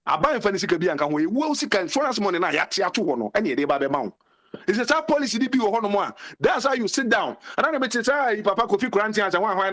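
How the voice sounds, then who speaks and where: A Ghanaian-accented man speaks in a notably high register, calling in to a talk show. His delivery is impassioned and ranting, and he hammers his points home by repeating phrases. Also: fairly bright tone. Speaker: caller. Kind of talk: call-in commentary mixing Twi and English.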